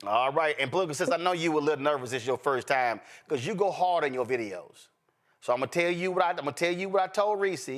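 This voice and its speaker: Fairly high-pitched, a bit bright and fast-talking, this man hosts a talk show full of unscripted banter and stories. He's blunt and jokey, swearing and using slang directly at his viewers while asking for their support.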